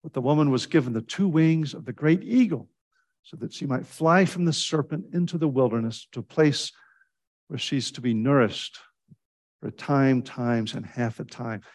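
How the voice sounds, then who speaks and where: A male preacher giving a conversational sermon, jumping high in pitch when acting out quotes and slipping in restarts and fillers. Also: moderate pace. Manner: animated storytelling with sudden pitch jumps when quoting.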